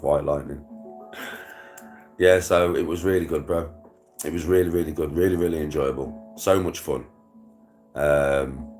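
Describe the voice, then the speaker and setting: A man's voice: extremely low pitch, a little mellow. A young British man chatting casually to his viewers, full of slang and swearing, laughing often. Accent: British English. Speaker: vlogger. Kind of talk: casual chat to a livestream.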